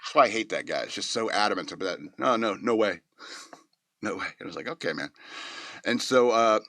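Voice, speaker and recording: A man's voice: lowish voice, animated, fairly quick, bright, forceful tone, no room sound, clean studio sound. A man hosting a show, giving a casual, rambling movie review with many fillers and chuckles. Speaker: podcast host reviewing a movie.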